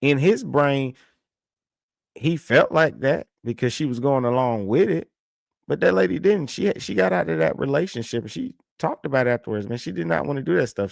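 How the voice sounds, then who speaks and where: A man's voice: medium pitch, creaky, no room sound, clean studio sound. Blunt, laughing man reacting to a clip. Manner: blunt, incredulous, laughs often. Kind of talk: casual reaction commentary.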